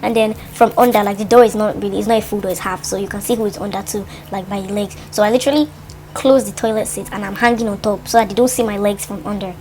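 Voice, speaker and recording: A woman's voice: medium pitch, fast talker. A young woman tells a personal story to her vlog, full of fillers like "like" and acting out her own thoughts. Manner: animated storytelling, lots of "like", dramatizes her thoughts. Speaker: vlogger.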